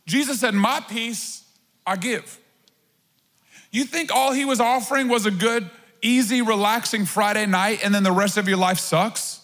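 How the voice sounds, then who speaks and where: A man with a very high voice preaches to his congregation, mixing plain talk with playful asides. His words ring out with a long reverb in a church hall. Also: a little slow, fairly bright tone. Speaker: pastor. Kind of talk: sermon.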